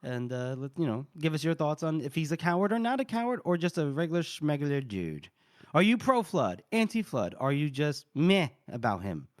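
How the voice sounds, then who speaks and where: A man's voice: fairly high pitch, big pitch swings, normal speed. A man co-hosting a podcast, casually recapping a book chapter and swearing freely as he jokes his way through it. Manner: loose and joking, acting out quoted lines and swearing freely. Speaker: podcast co-host recapping a fantasy novel. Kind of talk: casual chat.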